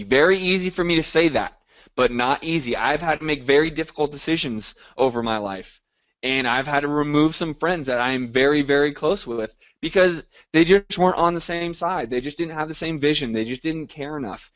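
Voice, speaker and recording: A man's voice: medium pitch, brisk, fairly bright tone, dull audio. A man hosting a live group coaching call, talking in an upbeat, motivational way and reacting to listeners by name.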